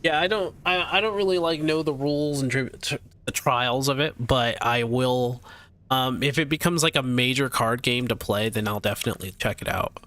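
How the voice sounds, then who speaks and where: A man's voice: mid-range voice, normal speed, fairly bright tone, dry recording. A man streaming live, chatting casually and animatedly with his viewers, laughing often and tripping over his words.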